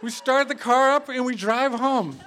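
A man telling a true story on stage before a live audience, animated and halting, with many restarts. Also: very high voice.

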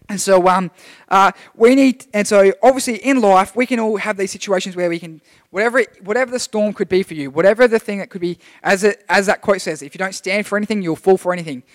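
High-voiced man preaching in a hall. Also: fast. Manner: chatty, rambling, with many restarts. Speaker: youth preacher. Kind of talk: casual sermon. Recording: long hall reverb.

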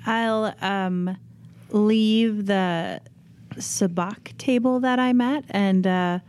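A woman plays a tabletop game in character, breezy and teasing. Her voice is dark and mellow at a middle pitch. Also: drawn-out words. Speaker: player.

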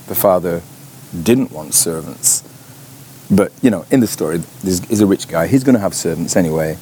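Low-voiced man teaching casually. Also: a little mellow. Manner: chatty, many fillers and rhetorical questions. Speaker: Bible school teacher. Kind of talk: informal teaching talk.

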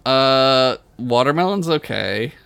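A man's voice: mid-range voice, takes it slowly, gravelly, clean tone, no echo. Philly guy cohosting a podcast, swears a bunch, voice bounces all over. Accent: Philadelphia. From Philadelphia area. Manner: lively, swearing, laughing, self-mocking. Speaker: podcast co-host. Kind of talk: casual podcast chat.

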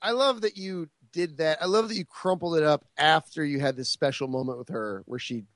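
Dude cracking sarcastic jokes on a podcast, kinda high voice, dry sound. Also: male voice, brisk, fairly bright tone, dry recording. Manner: joking, sarcastic asides. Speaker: podcast co-host. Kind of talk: casual chat.

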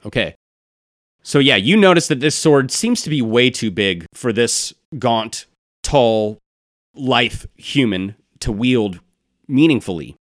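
A man running a tabletop role-playing game, narrating scenes in a measured, descriptive way. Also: mid-range voice, animated, no echo, clean studio sound. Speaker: game master.

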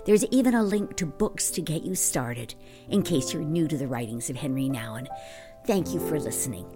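A woman hosting a podcast, reading a calm, gentle scripted intro and outro. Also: deep voice, normal speed. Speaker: podcast host. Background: music.

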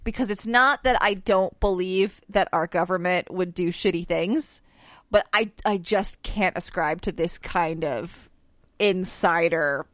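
A woman's voice: on the low side, unhurried, fairly bright tone, dry recording. Earnest American woman co-hosting a podcast. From United States. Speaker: podcast co-host. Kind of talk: casual podcast chat.

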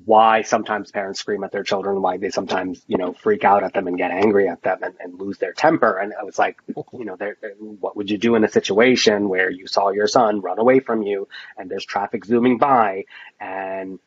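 Husky-voiced man telling rambling stories. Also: on the low side, steady tone, fairly quick, highs cut off. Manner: rambling storyteller, many fillers and quoted dialogue. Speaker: podcast guest. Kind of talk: casual chat.

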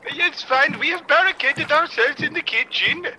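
A man doing a stiff high-voiced restaurateur. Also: normal speed, bright, forceful tone, slight background noise, heavily acted, poor audio. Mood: solemn. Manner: stiff, solemn, formal phrasing. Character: grave, formal male restaurant owner. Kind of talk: improvised comedy audio.

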